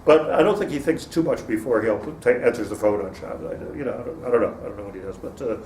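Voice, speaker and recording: A man's voice: medium pitch, fast, darkish tone. A man, a rabbi, giving an informal Torah lecture to a class, digressing, restarting sentences and laughing at his own jokes. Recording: roomy, distant mic with faint noise.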